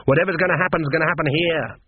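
A man's voice: fairly high pitch, fairly even intonation, rapid-fire, slightly rough, no room sound, voice pushed up. A man reading aloud, voicing a commanding old witch with a stern, decisive manner. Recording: tinny phone-like dry sound.

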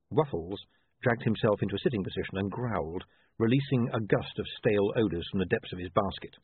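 A man narrating a story as an expressive reader, with dry wit. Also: fairly low pitch, a little fast, slightly rough, no echo. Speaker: audiobook narrator. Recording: dry, tinny phone-like line.

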